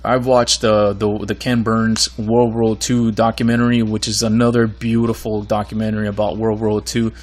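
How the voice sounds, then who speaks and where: A man hosting his own podcast in a casual monologue, earnest and rambling, with a voice going hoarse. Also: fairly low pitch. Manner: rambling, earnest, many fillers and restarts. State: losing his voice. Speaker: podcast host.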